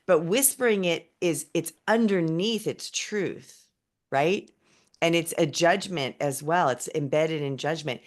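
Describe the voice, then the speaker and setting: Low-voiced woman, chatty and expressive. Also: unhurried. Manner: expressive, many "like" fillers, swings from hushed to loud. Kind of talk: casual spiritual conversation.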